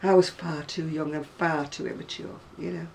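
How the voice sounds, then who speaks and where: A woman's voice: sits low, fairly even intonation, moderate pace, vocal fry, a little mellow, recorded from a distance, slight background noise. A woman in her sixties with a northern English accent, chatting casually and rambling to camera about her crafts, often laughing. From North West England. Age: 60s. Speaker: craft seller.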